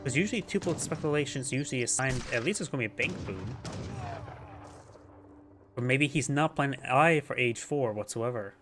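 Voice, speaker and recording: A man's voice: medium pitch, lively intonation, fairly quick, over music. A man with a stuffy, congested nose giving casual live commentary on a strategy game, thinking aloud and correcting himself as he goes. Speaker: game caster.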